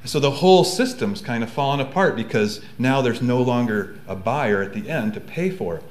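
A man's voice: mid-range voice, expressive, moderate pace. A man speaking on a university seminar panel in a conversational way, often correcting himself mid-sentence. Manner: conversational, frequent self-corrections. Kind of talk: seminar talk. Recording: echoey room.

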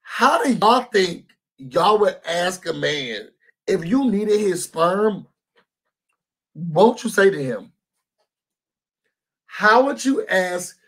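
High-voiced, husky man recapping TV. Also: slow pace. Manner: sassy, animated, chatty, addresses viewers as y'all. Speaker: YouTube host reviewing a reality show. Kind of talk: casual reality TV recap to camera.

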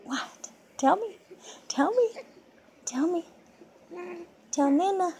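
Grandmother filming her grandson on her phone: a very high, slow, coaxing baby-talk voice. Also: lively intonation, a little mellow, slight background noise. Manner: coaxing, sing-song. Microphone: phone held while filming.

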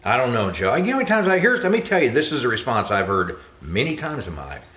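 A man preaching a sermon with emphatic repetition, often jumping to high exclamations. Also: sing-song, fast talker, a bit bright, echoey room.

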